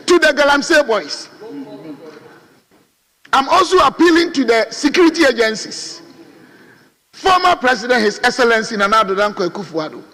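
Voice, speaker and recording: A man's voice: extremely high pitch, bright, forceful tone. A man with a Ghanaian accent, a member of parliament, giving an oratorical debate speech full of appeals and rhetorical questions. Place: parliament chamber. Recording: reverberant parliament chamber.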